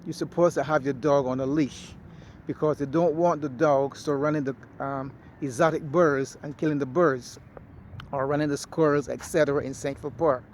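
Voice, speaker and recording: A man speaks with a somewhat raised pitch while he walks through an outdoor park. He holds a phone to record himself. His delivery is casual but blunt and preachy, and faint traffic hums behind him. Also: steady tone, moderate pace, a little mellow. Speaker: vlogger. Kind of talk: casual walking monologue.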